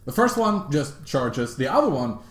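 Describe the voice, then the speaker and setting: Animated young man telling stories. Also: medium pitch, moderate pace. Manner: animated, laughing, swearing freely. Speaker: host. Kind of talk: casual storytelling chat.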